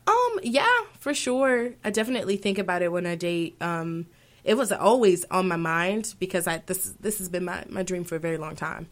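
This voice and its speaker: A woman's voice: fairly low pitch, animated, normal speed. A woman in her twenties, an aspiring opera singer, answering interview questions thoughtfully, with many fillers and self-corrections. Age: 20s.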